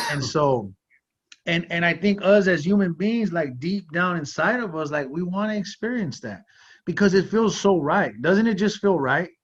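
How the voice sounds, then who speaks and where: A man hosting a talk show, sharing a personal story in an earnest conversational way, with frequent "like" and "you know". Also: fairly high pitch. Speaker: podcast host. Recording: slightly muffled audio.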